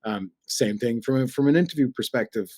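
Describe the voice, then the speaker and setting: A middle-aged man with a Cork Irish accent, a radio broadcaster telling animated anecdotes in a casual chat and acting out the voices he quotes. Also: medium pitch, brisk, slightly rough. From Ireland. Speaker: podcast guest, radio broadcaster.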